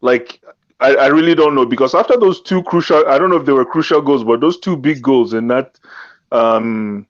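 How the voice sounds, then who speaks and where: A man's voice: mid-range voice, moderate pace. A man co-hosting a casual football podcast, asking hesitant, stumbling questions. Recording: dull lo-fi sound.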